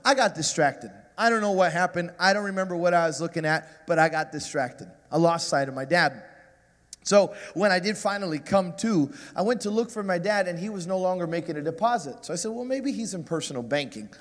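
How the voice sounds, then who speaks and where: A man in his forties, a guest preacher telling a self-mocking, animated story in a sermon. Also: high-pitched, brisk, big-room sound.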